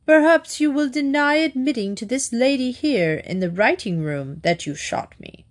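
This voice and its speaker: A woman's voice: sits high, lively intonation, normal speed, pitched above the performer's own voice. A woman voicing a pompous, indignant male secretary who speaks in a bitter, clipped way in a storybook reading.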